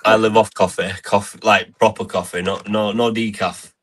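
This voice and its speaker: A young man, a wrestler guest on a podcast, chatting in an easygoing, halting way. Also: on the low side, steady tone, a bit bright. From England. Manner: easygoing, halting, with many restarts. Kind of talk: casual chat.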